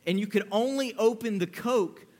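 A young man with a high voice, speaking at a normal speed, delivers a youth sermon as a youth pastor. He keeps it playful and jokey, acting out different voices to make his point.

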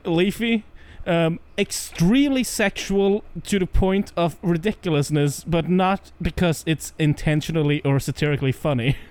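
A man's voice: fairly high pitch, normal speed, hardly any pauses, a little mellow, clear, resonant tone, dry recording. A man co-hosting a casual comedy podcast, crude and joking, slipping into vapid impressions. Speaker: podcast co-host.

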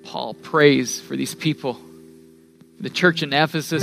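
A middle-aged man preaching a sermon as pastor, earnest, rising in pitch and force on key phrases and dropping to a soft near-whisper. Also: fairly even intonation, measured pace, vocal fry, music in the background.

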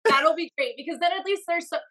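A woman's voice: extremely high pitch, quick pace, fairly bright tone, poor audio. A young woman chatting as a podcast guest, laughing often and getting flustered. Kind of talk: casual interview chat. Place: home studio.

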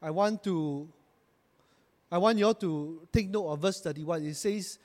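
High-voiced preacher in a reverberant hall. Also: male voice, measured pace, darkish tone. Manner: preaching with rising emphatic bursts; calls the congregation to repeat after him. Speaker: pastor. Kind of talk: sermon.

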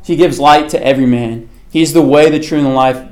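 A man's voice: a little high, steady tone, fairly quick. Male Bible study teacher, casual and conversational, asks questions of the class, lots of filler words. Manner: frequent fillers like "okay" and "like".

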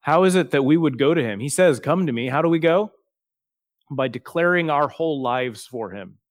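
A man preaching a sermon, earnest and plainspoken, slowing down and softening his voice for quoted prayers. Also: on the high side, lively intonation, dry recording, clean studio sound. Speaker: pastor.

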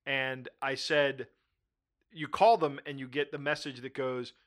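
Bright-voiced laughing male host. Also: medium pitch, measured pace. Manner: animated, laughs often, repeats words. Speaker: podcast host. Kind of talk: casual chat.

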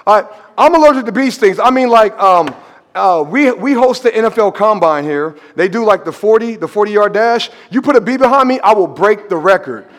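Pastor with a very high voice, animated sermon, shouts for emphasis. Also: male voice, moderate pace. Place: church sanctuary. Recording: long reverb of a large church hall.

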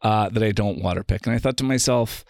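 A man's voice: lowish voice, quick pace, no room sound, studio quality. A man, a philosophy guest on a podcast interview, talking casually and acting out the dialogue in his anecdotes. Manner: animated storyteller, acts out quoted dialogue.

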